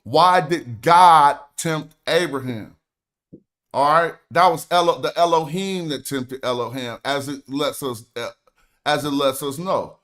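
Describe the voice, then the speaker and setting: A man's voice: on the high side, a little slow, fairly bright tone. A young man hosting a stream, lecturing emphatically and reading aloud from his notes in an argumentative way. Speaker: stream host. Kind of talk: livestream lecture.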